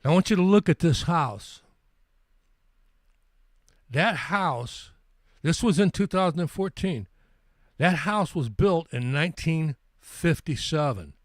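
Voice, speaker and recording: A man's voice: fairly high pitch, lively intonation, slow pace, long pauses, no echo, clean studio sound. A man in his sixties telling a travel story on his live stream, rambling and stumbling over repeated words. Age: 60s. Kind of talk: casual storytelling.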